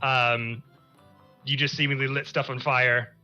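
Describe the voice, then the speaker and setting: A man narrating a tabletop game as game master, in animated, rambling descriptions. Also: medium pitch, unhurried. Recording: muffled stream audio with music.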